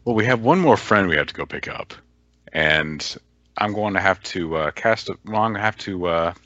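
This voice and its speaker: A man playing a tabletop game, describing his character's plans haltingly with fillers. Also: sits low, animated, bright, forceful tone, no room sound. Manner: halting, searching for words. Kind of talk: casual role-play. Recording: dull lo-fi voice chat.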